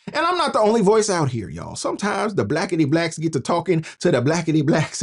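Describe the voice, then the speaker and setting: A man hosting a commentary video, folksy and sarcastic, chuckling and talking to his viewers as "y'all". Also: high voice. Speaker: commentary channel host. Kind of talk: political commentary vlog.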